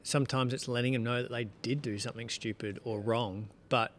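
A man's voice: medium pitch, a little fast, slight background noise. A man speaking as a lifestyle coach guest on a podcast, telling stories bluntly and with energy, swearing freely. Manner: animated, blunt storyteller who swears freely. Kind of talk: casual podcast chat.

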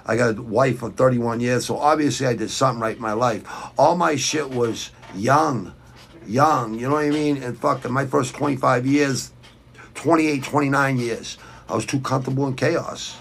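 A middle-aged man with a thick Boston accent, talking in a loose, rambling rant. He swears constantly and speaks bluntly, at a medium pitch. He sounds like a podcast host reading live comments and going off on tangents. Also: fairly even intonation, normal speed, gravelly, fairly bright tone, slight background noise. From Southwest Quincy, Massachusetts. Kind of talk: casual profane podcast rant.

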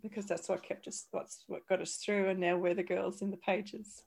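Woman in her thirties, podcast co-host, animated and giggly casual talk. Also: medium pitch, moderate pace, creaky. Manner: animated, laughing, restarts often. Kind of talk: casual chat.

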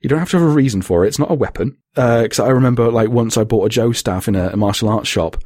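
A man with a husky voice, chatting casually on a podcast in a rambling, sweary way. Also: medium pitch, fast talker, a little mellow, no echo, studio quality. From Britain. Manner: rambling, sweary, laughs often. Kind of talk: casual chat.

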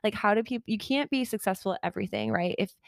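A woman co-hosting a podcast, talking casually and quickly with lots of fillers. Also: medium pitch, animated, creaky, no room sound, clean studio sound. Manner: chatty, quick, frequent fillers. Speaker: podcast co-host. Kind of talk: casual chat.

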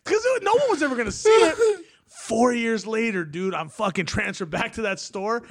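A man's voice: very high-pitched, lively intonation, moderate pace. A man co-hosting a podcast, telling crude stories in casual chat, swearing freely and often breaking into laughter. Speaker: podcast co-host.

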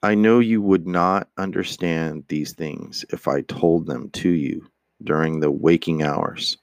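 A man reads a father's confession aloud in a very low, unhurried voice. His delivery is earnest and remorseful, with the odd stumble and restarted word. The sound is dry and close, with no room around it. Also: fairly even intonation, no echo. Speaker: reader. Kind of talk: dramatic reading of a father's letter.

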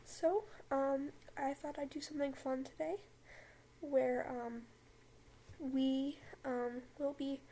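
Giggly, high-voiced young woman podcaster. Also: fairly even intonation, slow, mellow, poor audio. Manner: rambling, giggly, lots of fillers. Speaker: podcast host. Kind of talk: casual chat and reading aloud. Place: home room with a dog.

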